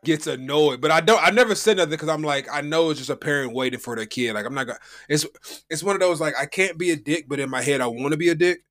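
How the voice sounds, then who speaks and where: A man's voice: a little high, fast talker, a bit bright. A man from the United States, co-hosting a podcast from home, telling a story in a rambling, slangy, casual way. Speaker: podcast co-host. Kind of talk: casual chat.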